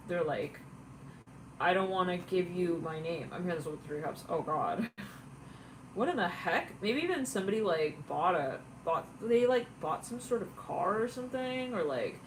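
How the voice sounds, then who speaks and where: A woman reading tarot cards in a loose, chatty way, full of fillers and quick laughs. Her pitch sits at a middle level. A faint noise hums underneath her voice. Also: poor audio. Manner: chatty, rambling, laughs often, many fillers. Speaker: tarot reader. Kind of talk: casual intuitive tarot reading.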